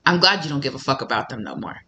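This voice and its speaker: A tarot reader voicing ancestral spirit guides who calmly approve of cutting someone off, in a low, hushed, deadpan way. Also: racing. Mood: approving.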